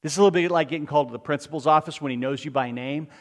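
A man preaching a sermon, retelling a story with lively asides to the congregation. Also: on the high side, racing, long reverb tail.

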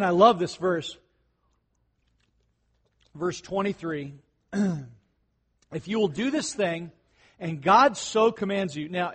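A middle-aged male pastor preaching a conversational sermon, often clearing his throat and rising into excited bursts. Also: sits high.

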